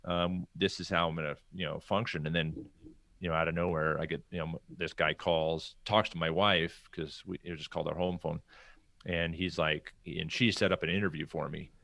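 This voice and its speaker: This man, a guest on a podcast, has a deep voice with vocal fry and a moderate pace, recorded without echo. Telling career anecdotes in a relaxed way, he brings quoted people to life with lively impressions.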